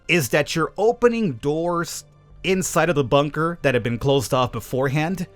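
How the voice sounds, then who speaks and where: A man's voice: medium pitch, a bit bright. A man giving rambling, self-amused commentary over his mobile survival gameplay. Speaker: gaming YouTuber.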